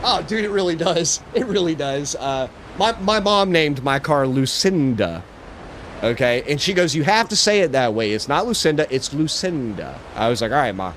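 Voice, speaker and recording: A man's voice: a little high, very animated, normal speed, fairly bright tone, a little hiss or hum. Laid-back streamer man saying bro a lot. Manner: laid-back, swearing, lots of "bro" and "dude". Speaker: livestreamer. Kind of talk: casual chat while gaming.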